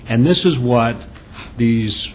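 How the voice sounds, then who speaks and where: A man, a city councilman, speaking earnestly and haltingly at a council meeting. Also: medium pitch, poor audio. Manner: earnest, halting, clears his throat. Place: council chamber.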